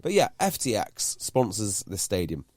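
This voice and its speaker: A man's voice: on the low side, big pitch swings, moderate pace, a little mellow, dry recording. A man, a podcast host talking casually and explaining a point at length. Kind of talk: casual chat.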